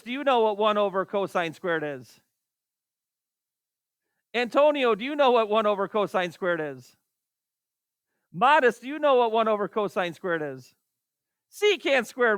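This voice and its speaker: A man's voice: sits high, a bit bright, smooth, no echo. A man teaching a math class, calling on students by name and exasperated by wrong answers. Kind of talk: classroom lecture.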